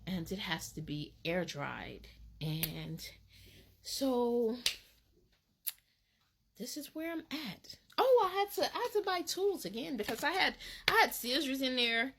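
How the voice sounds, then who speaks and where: A woman from Alabama, telling a casual storytime in an animated, dramatic way with laughs. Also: fairly high pitch, slow, pauses often, background noise. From Alabama, USA. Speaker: vlogger.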